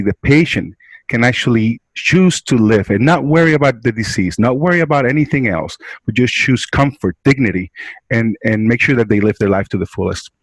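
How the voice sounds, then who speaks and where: A man's voice: mid-range voice, no room sound, poor audio. A man from a hospice care provider, earnestly explaining in an interview and often checking in with "right?". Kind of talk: interview explaining and telling a story.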